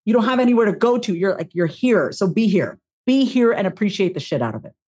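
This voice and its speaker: A woman speaking as a podcast guest, giving a heartfelt motivational talk with expressive self-talk and casual swearing. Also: mid-range voice, quick pace, breathy edge.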